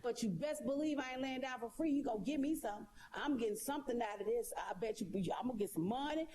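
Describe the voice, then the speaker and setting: A woman's voice: on the high side, quick pace, mellow. A woman talking straight to her viewers in a casual monologue, sassy and emphatic, repeating her points. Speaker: live streamer.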